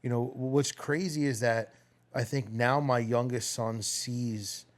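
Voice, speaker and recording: A man's voice: mid-range voice, steady tone, a little slow. A middle-aged man in a podcast conversation, speaking bluntly and swearing freely about fatherhood.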